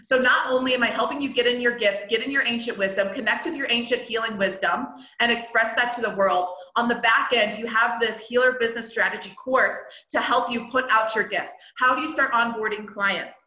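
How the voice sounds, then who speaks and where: A woman hosting a podcast as a healer business coach, talking in an excited, blunt casual monologue and swearing freely. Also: fairly high pitch, brisk, few pauses. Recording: roomy echo.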